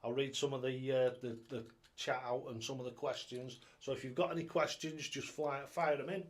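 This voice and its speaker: A man with a mid-range, steady voice hosts a casual live stream at a moderate pace, recorded on a tablet at home. A darts coach, he rambles chattily and greets viewers by name.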